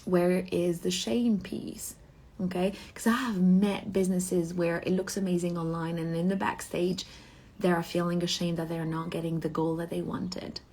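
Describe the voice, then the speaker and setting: A woman's voice: on the low side, steady tone, moderate pace, a little mellow, a little hiss or hum. A woman business coach giving a motivational talk, asking rhetorical questions and checking in with a frequent "okay?".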